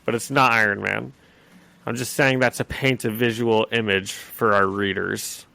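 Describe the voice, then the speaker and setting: A man's voice: on the low side, fairly even intonation, moderate pace, vocal fry, sharp tone. A man co-hosting a podcast, recapping a comic in casual chat, often laughing and slipping into character voices. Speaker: podcast co-host.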